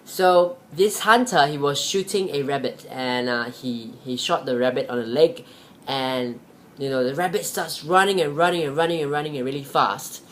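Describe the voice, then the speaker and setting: A man's voice: on the high side, normal speed, fairly bright tone, a little hiss or hum. Rambling motivational vlogger, a man. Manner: rambling, with many fillers. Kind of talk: motivational storytelling.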